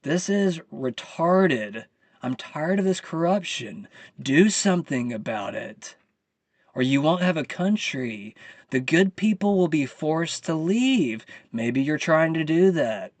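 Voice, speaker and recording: A man's voice: fairly high pitch, lively intonation, takes it slowly, no echo. Fired-up man ranting on his channel. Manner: heated, profane, venting. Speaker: channel host. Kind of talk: live commentary rant.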